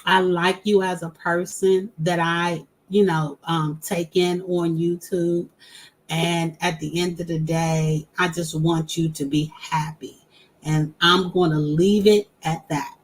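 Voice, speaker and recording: A woman calling into a live stream, speaking sincerely and gently encouraging the host. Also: fairly low pitch, little pitch movement, slow. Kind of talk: casual chat.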